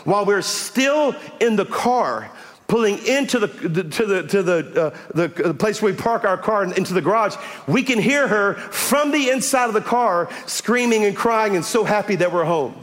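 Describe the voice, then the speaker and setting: A middle-aged man, preaching a sermon as pastor in an animated, folksy way and talking directly to the congregation. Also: high voice, normal speed, in a large hall. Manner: animated, folksy, chatty with the audience.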